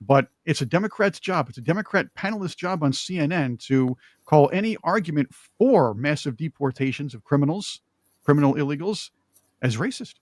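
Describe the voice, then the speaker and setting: A male talk show host with a lively voice that leaps around in pitch and sits a touch high. He argues his points emphatically and cracks jokes between them. The sound is dry and close. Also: fairly quick, no room sound. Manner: animated, joking, emphatic. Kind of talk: opinionated political talk.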